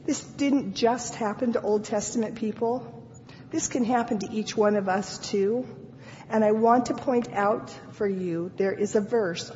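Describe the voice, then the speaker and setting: Woman, preacher, sermon, earnest scripture reading, measured pace, dull lo-fi sound, long hall reverb. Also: medium pitch, mellow, slight background noise. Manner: slow, deliberate delivery.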